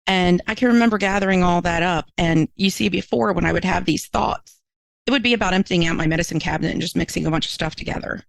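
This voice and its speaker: A woman's voice: lowish voice, quick pace, gravelly, dry recording, poor audio. A woman minister, a podcast guest, telling a personal story in an earnest, emotional way, her voice climbing when she is moved.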